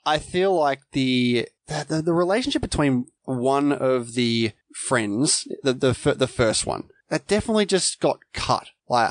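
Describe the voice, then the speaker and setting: Bloke on a film podcast, bit higher voice, dry sound, stumbles a little. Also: male voice, no room sound. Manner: relaxed, hesitant restarts. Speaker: podcast co-host. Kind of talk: casual film review chat.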